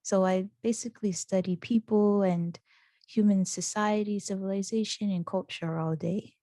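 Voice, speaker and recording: Animated young woman telling a story. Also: mid-range voice, normal speed, dry recording, studio quality. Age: young adult. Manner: animated, acts out quoted voices with laughter. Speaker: student interviewee. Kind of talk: casual storytelling.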